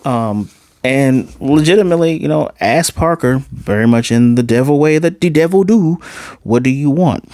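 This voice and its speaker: Animated slangy man recapping a show. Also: fairly high pitch, moderate pace, no room sound, clean studio sound. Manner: animated retelling, acts out quoted lines, slangy and profane. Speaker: TV series reviewer. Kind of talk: casual episode recap and review.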